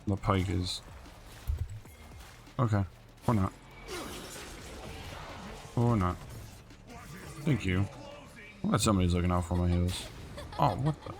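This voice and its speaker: A man's voice: sits low, takes it slowly, gravelly, long pauses. A man giving casual, exasperated commentary while playing a video game, grumbling at teammates. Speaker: gameplay streamer. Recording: game music behind voice.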